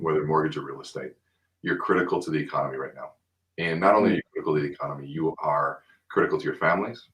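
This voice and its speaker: Deep-voiced man giving earnest advice. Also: rough recording. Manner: energetic storyteller, earnest and urging when giving advice. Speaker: guest speaker on mindset. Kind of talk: live video interview.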